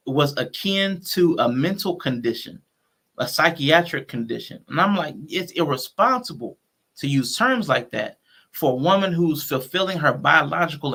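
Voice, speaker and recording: A man's voice: on the high side, creaky, bright, forceful tone. A man hosting a casual livestream talk show, speaking conversationally with features and restarting his sentences as he thinks aloud. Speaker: show host.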